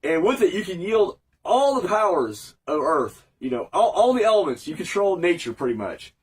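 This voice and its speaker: Man, high voice, sweary casual reviewer, fighting a cold, mic set back. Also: sing-song, moderate pace, breathy edge, distant mic. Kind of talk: casual episode recap review.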